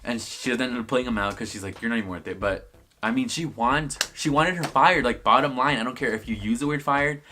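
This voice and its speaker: A man's voice: mid-range voice, a little fast, pushed and bright, a little hiss or hum. A young man giving a casual, sassy review of a reality TV episode, swearing freely. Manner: sassy, swears a lot, acts out the cast in quotes. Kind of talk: casual vlog commentary.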